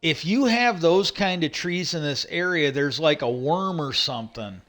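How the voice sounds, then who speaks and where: A man's voice: fairly high pitch, expressive, normal speed, a bit bright. Rambling man retelling a story. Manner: retells stories with many "he goes", frequent restarts and fillers. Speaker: livestream host. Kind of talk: rambling casual monologue.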